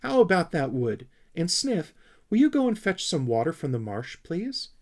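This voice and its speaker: A man voicing a vain, bright-eyed young female Snork creature who talks in a breezy, coaxing way. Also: fairly high pitch, big pitch swings, moderate pace, pitched above the performer's own voice.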